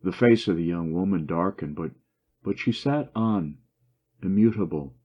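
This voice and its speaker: A man reading a classic short story aloud in steady, even narration. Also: low voice, normal speed. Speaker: story reader. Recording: dull lo-fi recording.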